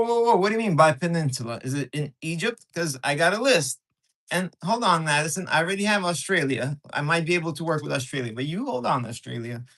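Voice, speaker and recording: Excitable man chatting to his stream. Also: high-pitched. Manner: excitable, jumpy, teasing, answers chat messages aloud. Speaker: live streamer. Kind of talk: casual live-stream chat with viewers. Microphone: camera on a tripod.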